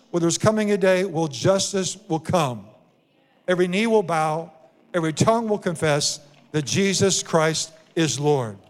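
A man preaching a sermon, reading scripture and repeating lines slowly and emphatically. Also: high voice. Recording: long hall reverb.

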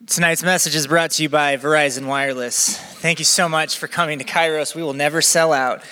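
A young man preaching a sermon as campus pastor, chatty and energetic with a live crowd. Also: on the high side, a little fast, smooth, soft background music. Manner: energetic, chatty, acts out quotes. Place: church venue with balcony. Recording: long hall reverb.

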